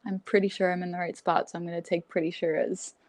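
A woman's voice: fairly low pitch, level tone, quick pace, darkish tone, no room sound. A woman in her twenties, a graduate student guest in a podcast interview, upbeat and laughing often, with many likes. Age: 20s. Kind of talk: casual interview chat.

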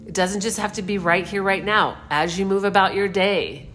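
A middle-aged woman giving a reflective spiritual talk, meandering and unhurried, gently putting questions to the listener. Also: mid-range voice, soft background music. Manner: meandering, unhurried, searching for words. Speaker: spiritual speaker.

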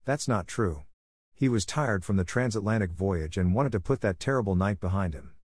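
Low-voiced male narrator for a dark comic tale, deadpan, dry close sound. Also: a little fast, no echo. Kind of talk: scripted comic story narration.

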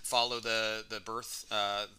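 Laughing man with a bright crisp voice. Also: fairly low pitch, level tone, slow. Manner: laughs often, hesitant with fillers over names. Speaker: podcast co-host. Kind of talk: casual podcast chat.

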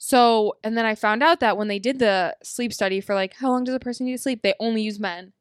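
This podcast co-host is a young woman whose clear, resonant voice runs a little fast and sits fairly high, recorded at studio quality without room sound. In casual chat she spins dramatic stories, bubbly and packed with "like."

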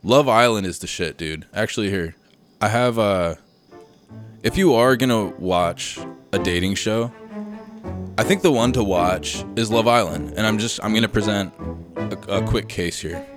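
A young man hosts a casual solo podcast from his room at home, where he has a recording setup. He rambles, drifts off topic, says "dude" a lot and swears freely, his lowish voice moving at a moderate pace over background music.

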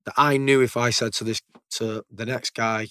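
A man's voice: mid-range voice, steady tone, moderate pace, sharp tone, no echo, studio quality. A man, a military veteran, telling stories casually in a conversation, blunt and swearing freely. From United Kingdom. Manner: blunt, swears freely, repeats words as he goes.

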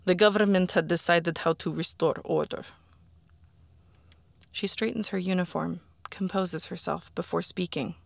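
An audiobook reader narrates a first-person story in a quiet, deliberate voice that sometimes sinks to a whisper. The voice is gravelly and sits at a middle pitch. The recording is dry and close, with no room echo. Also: steady tone.

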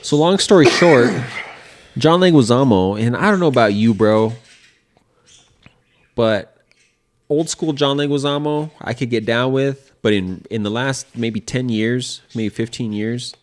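A man's voice: medium pitch, unhurried. A man co-hosting a podcast in casual chat, swearing freely and rambling with many fillers. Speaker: podcast co-host.

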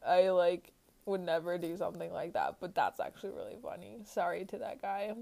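A woman's voice: fairly low pitch, animated, a little fast, gravelly, warm tone. A young woman hosting a podcast, reading funny stories aloud and chatting about them with a giggly manner and lots of filler words. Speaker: podcast host.

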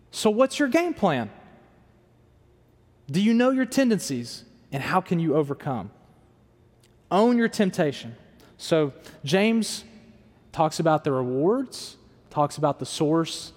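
A young adult male pastor giving a conversational sermon and acting out the quoted self-talk of his listeners. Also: fairly high pitch. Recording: reverberant hall sound.

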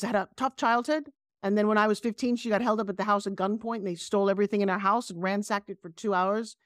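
A middle-aged woman with a New York accent, a guest telling animated stories on a video call. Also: mid-range voice, no room sound, studio quality. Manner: animated, emphatic storyteller. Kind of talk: casual interview storytelling.

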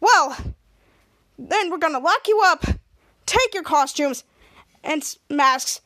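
Woman reading bossy male superhero, barks orders, very high voice. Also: lively intonation, takes it slowly, bright, forceful tone, full character voice.

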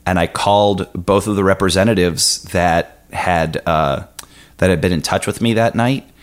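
A man's voice: low-pitched, normal speed. A man as a podcast guest, telling a long story in a casual, rambling way with many fillers and restarts.

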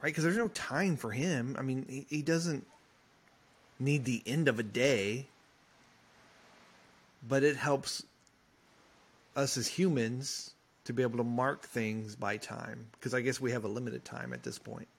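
A man's voice: mid-range voice, unhurried, long pauses, slightly rough. A man in a casual Bible study conversation, reading verses plainly and reflecting in an easygoing way. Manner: easygoing, reads verses plainly, brief agreements.

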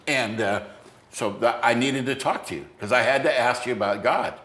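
An older man hosting a podcast, telling a story from his past to a friend in a halting way, full of restarts. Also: mid-range voice, a bit bright, roomy sound. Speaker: podcast host. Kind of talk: storytelling in a conversation.

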